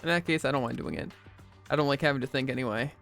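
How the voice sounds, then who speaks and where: A man's voice: medium pitch, fast, gravelly, a bit bright, faint music behind. A man streaming a visual novel, reading every character's dialogue aloud himself and adding jokey asides. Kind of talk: let's play, reading game dialogue aloud.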